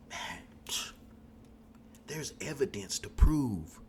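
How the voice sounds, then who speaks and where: Preachy man, hushed to shouting. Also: mid-range voice, expressive, slow, long pauses, background noise. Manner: starts hushed and intimate, builds to shouting. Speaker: podcast host. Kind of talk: impassioned monologue.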